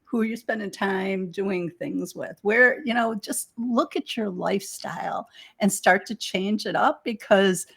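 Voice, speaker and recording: A woman with a Detroit accent talks at an unhurried pace with a gravelly rasp. She co-hosts a spiritual chat in a joking, laughing manner, playful and loose rather than polished. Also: medium pitch, fairly bright tone. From Detroit, United States. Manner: laughs often, playful banter. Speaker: spiritual teacher, co-host. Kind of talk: casual chat.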